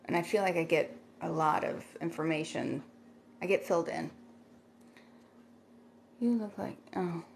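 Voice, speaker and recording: A woman's voice: on the low side, a little slow, vocal fry, long pauses, slight background noise. A middle-aged woman chatting casually on a livestream, rambling and thanking viewers by name as she reads their comments.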